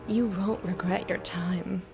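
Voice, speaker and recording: A woman voicing a sultry female hotline operator who teases her callers in a slow, breathy purr. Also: lowish voice, steady tone, music in the background, pitched below the performer's own voice.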